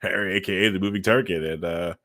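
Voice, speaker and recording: A man with a low voice hosts a casual stream, teasing his co-host and laughing between lines. The sound is close and dry, with no room around it. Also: fairly even intonation, quick pace, bright, forceful tone, dry recording. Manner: joking, teasing, laughs often. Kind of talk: casual podcast banter.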